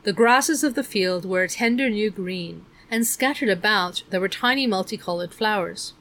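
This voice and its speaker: Casting note: woman audiobook narrator, mid pitch, measured expressive reading.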